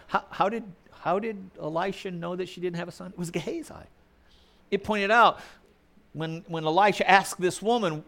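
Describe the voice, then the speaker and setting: A man preaching a sermon in a conversational tone, throwing questions to his listeners. His voice sits a bit high for a man and moves lively up and down. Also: normal speed. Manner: conversational, asks the congregation questions.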